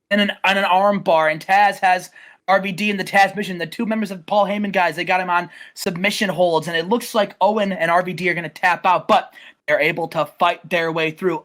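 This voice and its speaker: A man giving a casual, rambling play-by-play recap, stumbling over names and breaking into loud shouted quotes. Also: high voice. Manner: excitable, rambling, many restarts, bursts into loud acted-out quotes. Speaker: host recapping a wrestling game simulation.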